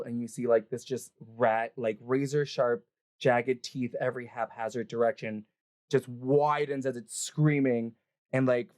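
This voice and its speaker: A man running a tabletop game as game master, narrating in a loose, rambling way full of fillers. His voice is dark and mellow, and the sound is dry and close. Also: medium pitch, no echo. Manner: rambling, lots of "like" fillers, laughs often.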